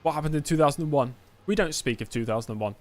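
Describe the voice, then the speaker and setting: A man's voice: fairly high pitch, racing. A man from England chatting casually while he streams a racing game, with joking asides. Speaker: gaming streamer. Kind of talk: casual gameplay commentary.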